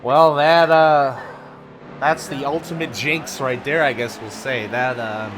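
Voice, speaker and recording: A man giving live commentary on a racing game, grumbling and ranting, swinging from low muttering to loud outbursts. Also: a little slow. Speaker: gaming video host. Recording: game engine noise behind voice. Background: racing game car sounds.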